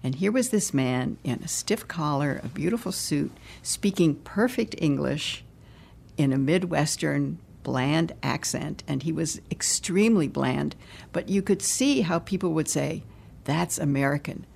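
Woman historian, low and husky, measured commentary. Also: expressive, darkish tone. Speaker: political historian and professor. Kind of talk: interview commentary.

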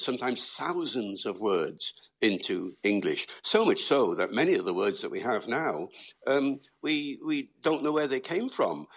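A man's voice: mid-range voice, slightly rough. A man from Britain, a linguist, explaining accents as an interview guest in an engaging, storytelling way. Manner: storytelling, lecturing.

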